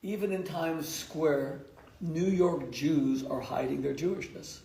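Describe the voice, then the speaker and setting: Man, rabbi lecturing live. Emphatic and wisecracking, voice a bit high, recorded in a reverberant hall. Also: slow, vocal fry, dark tone. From United States. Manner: emphatic and jokey, mocking nicknames, laughing at his own jokes. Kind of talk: live lecture to a community audience.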